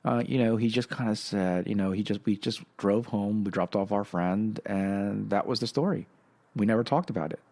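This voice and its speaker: A middle-aged man hosting a podcast, telling a personal story in a halting, reflective way with many fillers and restarts. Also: lowish voice, a little mellow. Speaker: podcast host.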